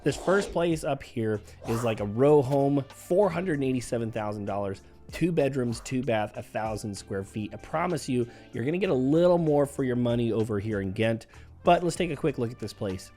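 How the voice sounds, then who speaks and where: A man talks viewers through homes for sale in a casual, upbeat voice-over, his throat a little hoarse after being sick. His pitch sits in an ordinary middle range. Faint music plays quietly underneath. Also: expressive, normal speed. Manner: upbeat, chatty and conversational. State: hoarse from recent illness. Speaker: real estate agent. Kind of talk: casual real estate video walkthrough.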